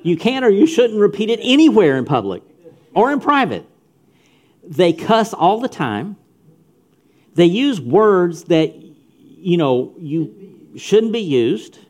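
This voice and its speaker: Middle-aged man, pastor, youth sermon, emphatic and direct, slightly high voice. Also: very animated, slow, pauses often, darkish tone. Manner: emphatic, repeats phrases, talks straight to listeners.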